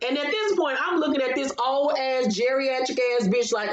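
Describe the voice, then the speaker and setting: A woman's voice: high-pitched, moderate pace. Blunt, profane woman recapping TV. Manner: blunt, sassy and heavily profane. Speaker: reality TV recap host. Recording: roomy, slightly dull recording.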